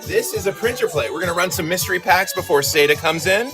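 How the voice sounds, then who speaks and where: A man's voice: high-pitched, expressive, quick pace, over music, low-quality recording. A man hosting a live comic giveaway stream, chatty and upbeat. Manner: upbeat, chatty, joking banter. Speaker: livestream host. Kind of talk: casual livestream chat.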